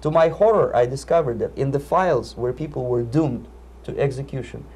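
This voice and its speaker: A man with a Russian accent answering interview questions in a measured, emphatic way, often repeating words. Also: medium pitch, darkish tone, breathy edge. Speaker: interviewee, Soviet defector. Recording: 1980s video interview.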